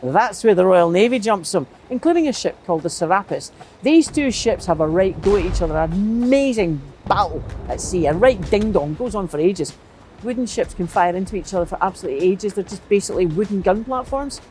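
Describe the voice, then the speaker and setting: A woman's voice: mid-range voice, lively intonation, a little fast, dark tone, soft background music. Wry woman telling comic history. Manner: wry, playful asides with mock-serious tone.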